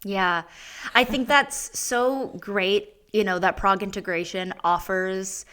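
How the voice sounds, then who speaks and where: A woman's voice: medium pitch, fairly even intonation, takes it slowly, a bit bright, clean tone. A woman hosting a podcast interview, chatting in a bubbly, agreeable way with lots of "like" and "yeah". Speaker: podcast host. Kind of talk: casual interview chat.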